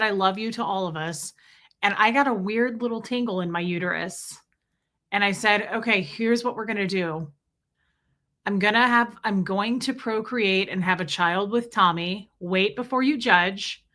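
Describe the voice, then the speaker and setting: Bright chatty woman greeting her stream. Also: mid-range voice. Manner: chatty, warm toward viewers, rambling asides. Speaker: livestream host. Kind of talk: casual livestream chat reading viewer names.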